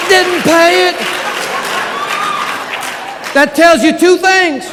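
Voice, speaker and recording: A motivational sales speaker giving an energetic keynote, shouting punchlines and trading call-and-response with the crowd. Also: male voice, extremely high pitch, slow, pauses often, heavy background noise. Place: large event hall with live audience. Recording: live hall recording with reverb and crowd.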